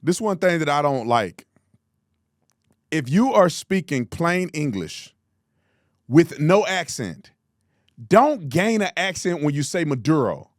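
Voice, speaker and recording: A man's voice: on the high side, sing-song, slow, pauses often, dry recording, clean studio sound. A man hosting a political commentary show, mocking and exasperated, repeating words for emphasis.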